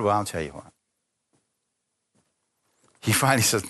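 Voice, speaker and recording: A middle-aged male pastor delivering a sermon in a mid-pitched voice. He tells personal stories with animation and acts out the voices of the people in them. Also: fairly quick. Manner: animated storytelling, acting out voices.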